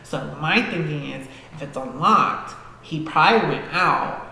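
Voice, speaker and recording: A woman guest on a podcast telling a story casually, animated and swearing freely as she acts out scenes. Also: low voice, measured pace, gravelly. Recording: echoey hall-like room with faint noise.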